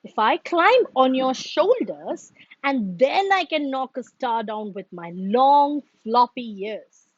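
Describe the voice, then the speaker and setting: A woman's voice: high voice, very animated, takes it slowly, no echo, muffled recording, heavily acted. A woman voicing a helpful young rabbit with floppy ears in a children's storybook, with a chirpy, eager way of talking. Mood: bright idea.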